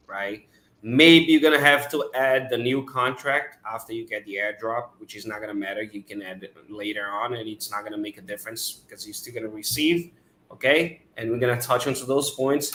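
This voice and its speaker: Bright-voiced enthusiastic male host. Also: mid-range voice. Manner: enthusiastic, repeats himself, checks in with "right?". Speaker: podcast host. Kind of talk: casual crypto chat. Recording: echoey room.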